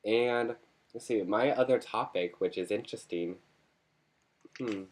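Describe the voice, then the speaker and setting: A man with a low, deep voice chats straight into his camera at home-video ease. He rambles from one topic to the next, joking and poking fun at himself as he goes. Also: a little slow. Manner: rambling, joking and self-mocking. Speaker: vlogger. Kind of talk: casual chat to camera.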